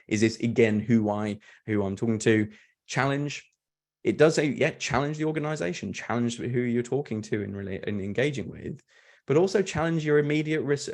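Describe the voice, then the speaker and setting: A man, a fraud prevention speaker, explaining in an earnest, animated way on a video call, often restarting and repeating words. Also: on the low side. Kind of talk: webinar fireside chat.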